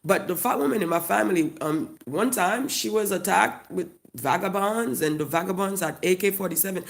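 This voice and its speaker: Gravelly comedian ranting with a Haitian accent. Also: mid-range voice, normal speed. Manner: profane, loud, mocking storytelling. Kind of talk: comedic rant to camera.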